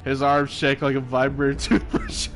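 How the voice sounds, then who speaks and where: A man hosting a casual let's play, laughing a lot and making crude jokes. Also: medium pitch. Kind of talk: casual gameplay commentary.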